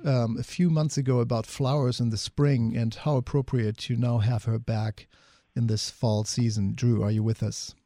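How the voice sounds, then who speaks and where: A man hosting a radio talk show, speaking calmly and reflectively with a few "um"s. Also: medium pitch, no room sound, clean studio sound. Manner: calm, reflective, with "um"s. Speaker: radio host.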